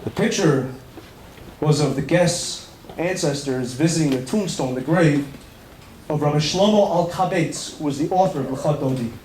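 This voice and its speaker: A rabbi tells a sermon story with animated delivery and breaks into bits of melody. His voice sits high. It echoes around a room with a faint ambient hum behind it. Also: moderate pace. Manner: animated, sings snatches of melody.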